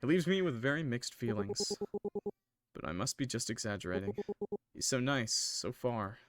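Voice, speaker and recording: A man's voice: medium pitch, sing-song, moderate pace, fairly bright tone, dry recording. Guy streamer reading a visual novel, jokey, mid voice, dry close mic. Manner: casual, jokey asides, laughs.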